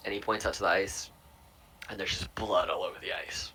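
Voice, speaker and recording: Man with a bright voice running a game. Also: deep voice, brisk, slight background noise, low-quality recording. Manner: relaxed, rambling narration with fillers. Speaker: dungeon master. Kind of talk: narrating a tabletop game.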